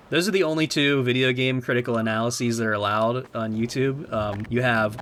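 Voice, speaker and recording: A young man giving casual gameplay commentary as a YouTuber, excitable and sarcastic, swearing often. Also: mid-range voice, a little fast, hardly any pauses, a little hiss or hum. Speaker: gaming YouTuber.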